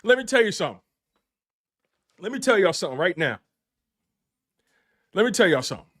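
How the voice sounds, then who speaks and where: A high, bouncing man's voice with a Philadelphia accent rides the celebration after a win, hyped and slangy and quick to laugh. He circles back on his own phrases and talks straight to his live audience as the show's host. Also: very animated, fairly bright tone, slightly rough. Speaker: sports show host. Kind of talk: excited live post-game rant.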